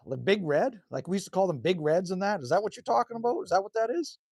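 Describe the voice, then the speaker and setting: A man's voice: high-pitched, expressive, a little fast, creaky, darkish tone, husky, no room sound, clean studio sound. Chatty man live-streaming from outdoors. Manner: chatty, reads viewer comments aloud and answers them; laid-back, rambling with self-corrections. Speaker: live streamer reading chat. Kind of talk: casual live-stream chat. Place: outdoors by a cabin in the cold.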